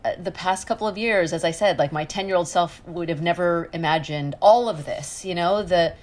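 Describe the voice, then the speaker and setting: A woman's voice: fairly low pitch, normal speed. A middle-aged woman speaking as a guest on a podcast in an earnest, thoughtful way, often restarting her sentences. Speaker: guest journalist. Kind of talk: casual podcast conversation.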